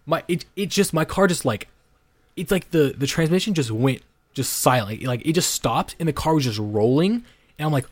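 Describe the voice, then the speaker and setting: A young man co-hosts a podcast, rambling through a casual story full of swearing, restarts and "like" fillers. His medium-pitched voice is expressive and brisk, recorded with no echo.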